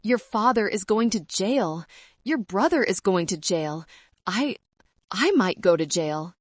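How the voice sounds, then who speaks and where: A woman's voice: mid-range voice, animated, unhurried, no room sound. A woman playing a trembling, manipulative older mother. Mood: pleading. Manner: whispering, trembling voice.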